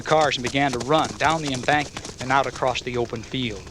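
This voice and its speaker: A man's voice: mid-range voice, steady tone, fairly quick, few pauses, fairly bright tone, slight background noise. Man narrating an audiobook evenly.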